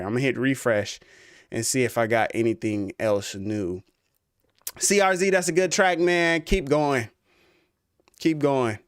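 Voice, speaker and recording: A man's voice: medium pitch, smooth, no room sound, studio quality. A man hosting a live stream, reviewing beats his viewers send in, chatting casually in slang and talking straight to his chat. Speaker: music producer streamer reviewing submitted beats.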